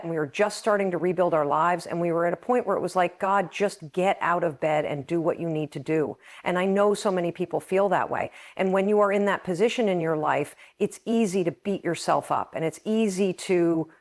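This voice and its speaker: A middle-aged woman hosts a podcast in an earnest, heartfelt monologue. Her voice sits a little low for a woman, and she speaks with open feeling. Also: brisk, hardly any pauses. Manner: earnest, emotional, reads passages aloud. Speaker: podcast host.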